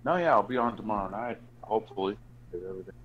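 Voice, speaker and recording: A man with a lowish voice rambling through a casual podcast chat. He jokes along in loose, unhurried talk. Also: highs cut off, slight background noise.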